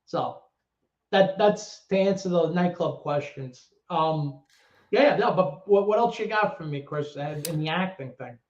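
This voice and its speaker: A man with a New York accent, a former club DJ telling stories as an interview guest, animated and swearing freely. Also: a little high. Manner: animated, swearing storyteller with quick restarts. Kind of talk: casual storytelling interview. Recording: echoey room, dull lo-fi audio.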